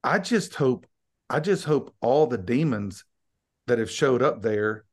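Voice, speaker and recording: A man's voice: mid-range voice, lively intonation, measured pace. Teasing male podcast co-host. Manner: teasing, storytelling. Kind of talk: casual chat.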